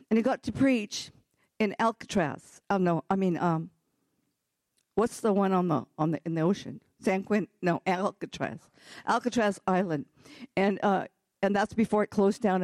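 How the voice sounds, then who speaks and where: A male pastor preaching a sermon, impassioned, swinging from loud peaks to hushed near-whispers, with loose, chatty restarts and asides. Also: sits high, no room sound.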